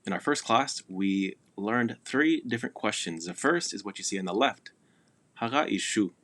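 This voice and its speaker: A man teaching a recorded language lesson, patiently repeating words slowly for pronunciation drills. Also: fairly low pitch, lively intonation, fairly bright tone.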